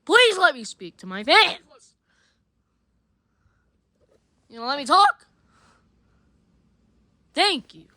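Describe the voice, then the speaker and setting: A performer voicing a bratty, loud male shark puppet, playing a game and bossing it around with comic commentary. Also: sits high, sing-song, a little slow, exaggerated voice. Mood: yelling. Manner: shouty, bossy, jumps between mutters and yells. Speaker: game player and channel host. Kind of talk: comic let's-play commentary.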